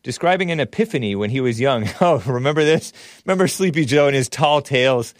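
A man's voice: mid-range voice, expressive, a little fast, no room sound, clean studio sound. A man hosting a show, giving sarcastic, mocking commentary on the news. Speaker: host.

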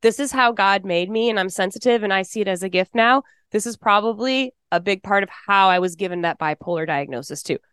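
A woman in her forties from Texas, telling her personal testimony in an interview, emotional and fast-talking. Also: medium pitch, a bit bright, clear, resonant tone, no echo, clean studio sound.

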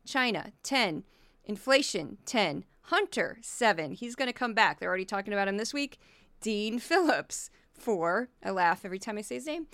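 A woman hosts a media commentary podcast from a home studio. Her voice is bright and smooth, a touch high, and she reads through lists of numbers in a brisk, wry manner. The close mic sounds very dry. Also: no echo. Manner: brisk, wry, rattling off figures. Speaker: podcast host.

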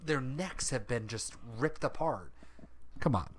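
A podcast co-host in casual chat, animated and acting out quotes from scenes. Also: mid-range voice, measured pace, a little hiss or hum.

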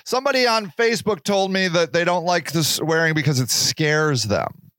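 A man's voice: fairly high pitch, normal speed, a bit bright, no echo, studio quality. A man in his forties hosting a solo podcast, rambling and joking in casual talk and swearing freely. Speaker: podcast host.

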